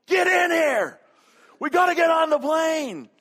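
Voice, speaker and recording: A man acting out a frantic father who pleads and yells to get his family onto a plane. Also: very high voice, expressive, unhurried, voice pushed up, exaggerated voice. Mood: shouting. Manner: panicked, yelling, pleading.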